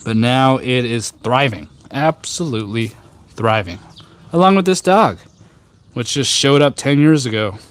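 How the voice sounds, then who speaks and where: A man hosting a casual tea live stream outdoors on a rooftop garden, chatting with viewers in a jokey, rambling, deadpan way with many fillers. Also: mid-range voice, a little slow. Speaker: tea livestream host.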